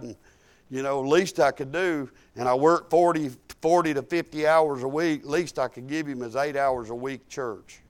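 Man, preacher, folksy storytelling sermon, conversational, voice a little high.

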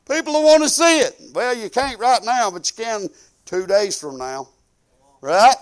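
An older man preaching with a drawl and a strikingly high voice. He hammers points through repetition and folksy, storytelling asides, acting out little quoted conversations as he goes. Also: animated, normal speed, smooth. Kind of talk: sermon.

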